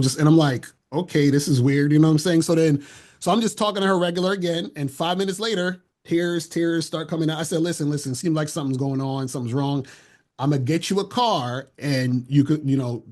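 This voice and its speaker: A man, a dating coach, telling an animated story in street slang with plenty of swearing. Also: fairly high pitch. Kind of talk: casual storytelling on a panel.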